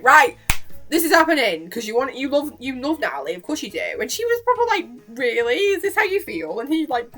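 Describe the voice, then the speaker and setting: A woman casually recapping a cartoon episode in an excited, gushing way, swearing freely and squealing out the characters' lines. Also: medium pitch. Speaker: vlogger reacting to a cartoon.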